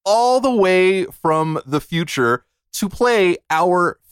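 A man's voice: sits high, lively intonation, slow, clear, resonant tone, dry recording, studio quality. A man hosting a casual podcast chat, playful and teasing, with self-deprecating jokes. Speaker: podcast host.

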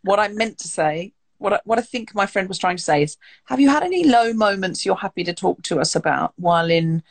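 A woman's voice: medium pitch, expressive, brisk. A woman hosting an interview, asking long, rambling questions that she corrects as she goes. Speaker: podcast host. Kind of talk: interview chat.

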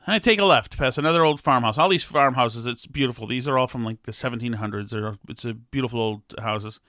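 A man's voice: medium pitch, fast, sharp tone, dry recording, studio quality. A middle-aged man telling a rambling, wry story in a casual monologue, exasperated and digressive.

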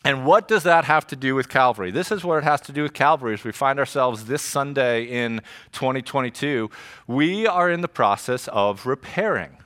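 A middle-aged man preaching a sermon to his congregation in an animated, joking, conversational way. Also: mid-range voice, normal speed. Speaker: pastor. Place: church service before a congregation.

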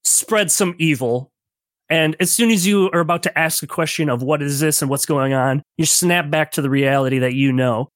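A man in his thirties running a tabletop game, with a fairly high voice. He narrates casually and jokes, and the sound is dry and close. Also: normal speed, a bit bright, no room sound. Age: 30s. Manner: casual, joking, laughs often. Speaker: game master.

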